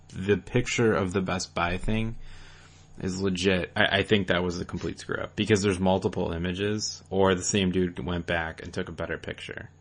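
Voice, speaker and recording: A young man co-hosting a casual gaming podcast, talking loosely and rambling, with casual swearing. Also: low-pitched. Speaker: podcast co-host.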